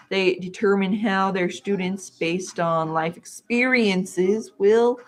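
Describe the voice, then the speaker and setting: Lady reading her textbook aloud all dramatic, cracking little jokes as she goes. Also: mid-range voice. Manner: dramatic read-aloud with playful asides. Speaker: vlogger.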